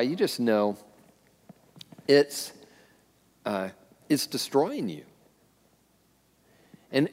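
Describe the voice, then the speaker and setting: A male pastor delivers a sermon in a relaxed, conversational way, stopping and restarting his sentences and leaning on filler words. His voice sits at an ordinary middle pitch. The sound carries a long reverb from the church hall. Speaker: lead pastor.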